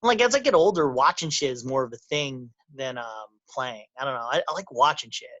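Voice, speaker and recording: Rambling, animated young man, dry sound. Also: medium pitch, brisk, no room sound, muffled recording. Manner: rambling, animated, swearing, acts out quotes in a raised voice. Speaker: podcast co-host. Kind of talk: casual chat.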